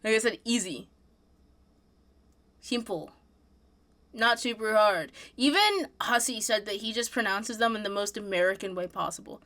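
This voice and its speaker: A woman's voice: medium pitch, animated, normal speed, long pauses, fairly bright tone. A woman streamer from Pennsylvania with a Pennsylvania accent, chatting playfully and teasing while reacting. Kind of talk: casual reaction stream chat.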